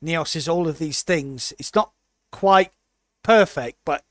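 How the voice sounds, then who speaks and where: High-voiced British man telling a story. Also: dry recording, studio quality. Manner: animated storyteller, puts on quick voices for people he quotes. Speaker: podcast co-host. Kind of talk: casual podcast chat.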